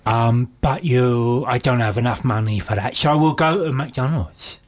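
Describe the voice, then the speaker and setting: A man playing a husky-voiced, lecherous, cheap wooer in an improvised comedy role-play, calling everyone "my darling". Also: mid-range voice, measured pace, close to an everyday voice. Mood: flirting. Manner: deadpan innuendo, calls everyone my darling. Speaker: comedy host character.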